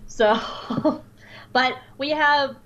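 A woman co-hosting a podcast in casual chat, animated and swearing freely. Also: sits high, drawn-out words, highs cut off. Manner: animated, swears, dramatic outbursts. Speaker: podcast co-host.

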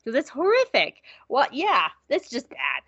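A woman co-hosting a podcast who recaps an episode in a casual, profane, jokey way and acts out scenes in quick voices. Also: high voice, wildly swooping pitch, a bit bright, breathy edge, no room sound, dull audio. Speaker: podcast co-host.

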